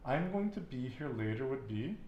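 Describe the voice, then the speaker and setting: A man's voice: mid-range voice, very animated, normal speed, dull audio, a little hiss or hum. Patient man teaching with an echo. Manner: patient, encouraging, asks and repeats answers. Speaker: Spanish teacher. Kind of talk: casual language lesson.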